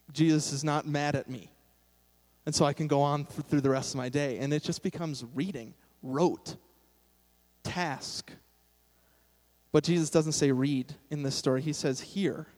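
Preaching in a relaxed, self-mocking style with abrupt outbursts of emphasis, this young pastor has a slightly mellow voice that sits on the high side. His sermon echoes with long hall reverb.

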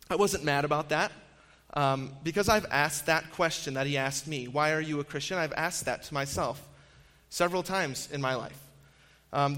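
A man's voice: medium pitch, fairly bright tone. A man in his thirties giving a storytelling sermon, conversational and self-deprecating, with frequent ums and restarts. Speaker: campus minister speaking to an audience. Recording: long hall reverb.

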